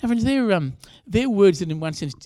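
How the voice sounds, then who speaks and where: A man's voice: high-pitched, animated, brisk, dark tone, dry recording. A younger man preaching a sermon in a conversational way, with asides to the congregation. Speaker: pastor.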